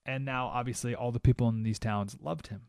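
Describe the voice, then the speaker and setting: A man's voice: medium pitch, steady tone, brisk, vocal fry, a little mellow, clean tone, no room sound. A man hosting a talk radio show, giving an emphatic monologue full of rhetorical questions in a studio. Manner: emphatic, rhetorical questions, keeps asking "right?".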